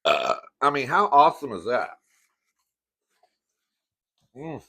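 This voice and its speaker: A man's voice: mid-range voice, very animated, slow pace, bright, forceful tone, husky. Campy chatty man eating on camera. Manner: chatty and campy, calls viewers "girl", eats between sentences. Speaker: mukbang host. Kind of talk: casual eating-show chat to camera.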